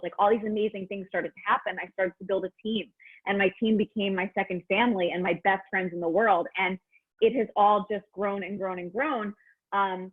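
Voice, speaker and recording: A woman in her thirties, a business coach, telling her story in a chatty, excitable way with lots of fillers. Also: mid-range voice, husky. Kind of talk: casual personal testimonial. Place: at home. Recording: tinny phone-like line.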